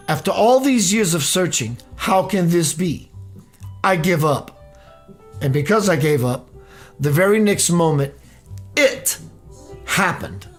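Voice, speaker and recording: Slow-spoken man reading a story aloud. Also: on the high side, animated, faint music behind. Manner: unhurried, often breaking into laughter. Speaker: radio show host.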